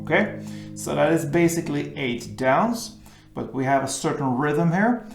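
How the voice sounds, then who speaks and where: A man with a gravelly, creaky voice talks unhurriedly through an acoustic guitar tutorial. He explains each chord shape patiently, one step at a time. The room adds a noticeable echo around him. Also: fairly high pitch, animated, unhurried. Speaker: guitar teacher.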